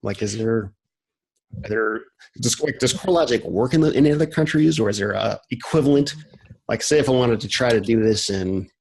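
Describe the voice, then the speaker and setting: Husky-voiced man, hesitant guest. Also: medium pitch, fairly quick, a little mellow, rough recording. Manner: hesitant, filler-heavy. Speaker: podcast guest. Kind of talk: casual podcast conversation.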